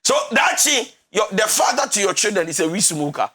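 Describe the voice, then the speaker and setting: A man's voice: sits high, very animated, brisk, bright, forceful tone, slightly rough, faint music behind. A man with a Ghanaian accent giving emphatic relationship counselling, preachy and often laughing. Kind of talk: animated counselling talk.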